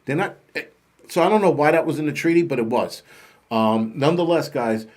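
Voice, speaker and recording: A man's voice: on the high side, expressive, brisk, a little mellow. A middle-aged man hosting his own channel, telling a story and ranting bluntly with heavy swearing. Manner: profane, heated, blunt storytelling. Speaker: host. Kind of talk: ranting monologue to camera.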